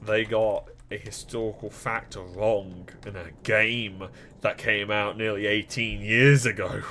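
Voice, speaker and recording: Slow-talking young gamer. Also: male voice, fairly low pitch, fairly even intonation, sharp tone, a little hiss or hum. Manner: joking, swears freely, talks to viewers. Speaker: gameplay streamer. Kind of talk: casual gaming commentary.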